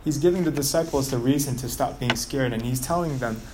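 A man delivering a sermon in an animated storytelling manner, asking his listeners questions as he goes. His voice sits at a mid pitch. Faint noise hums behind him. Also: brisk. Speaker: preacher.

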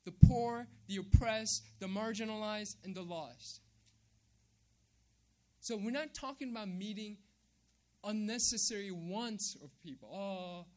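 A man's voice: high voice, unhurried, long pauses. A man preaching a sermon, emphatic, repeating key phrases and checking in with "right?". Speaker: pastor.

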